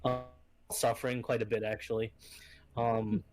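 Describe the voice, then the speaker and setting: A man running a tabletop game as game master, easygoing and often pausing with fillers. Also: medium pitch, flat delivery, a little mellow, soft background music.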